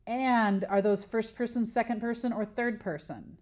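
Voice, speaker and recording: A woman teacher gives a recorded lesson, patiently explaining things step by step and posing questions she then answers herself. Her voice is fairly high with a darkish tone, at a normal speed.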